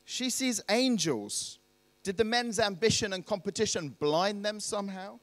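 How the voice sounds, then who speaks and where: Guy preaching, high voice, chatty storytelling with lots of questions, dry close sound. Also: animated, a little slow, no room sound, in a large hall. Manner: conversational, asks rhetorical questions. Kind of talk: storytelling sermon.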